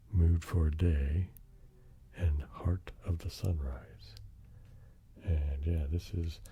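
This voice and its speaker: A soft-spoken ASMR man with an extremely deep voice and a very dark, mellow tone. He drifts in and out of whispers and reads lists slowly, rambling gently as he goes. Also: slightly rough. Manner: relaxed, rambling, slowly reading track lists. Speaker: ASMR host.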